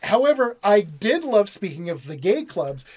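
A man in a casual movie review chat, walking through the plot with heavy swearing and quick acted-out quotes. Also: sits high, sing-song, a little mellow, slightly rough. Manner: profane storyteller who acts out characters' lines.

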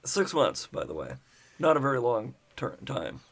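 A mid-pitched man in a casual film chat with friends. He mostly chimes in with brief, dry corrections and details. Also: very animated, moderate pace, gravelly, a bit bright, husky. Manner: dry interjections, supplies names and corrections. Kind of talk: casual movie review chat.

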